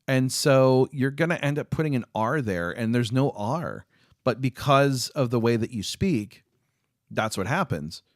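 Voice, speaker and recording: A man's voice: medium pitch, animated, unhurried, no room sound, clean studio sound. A man chatting casually with viewers on a live stream, rambling with lots of fillers and restarts. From United States.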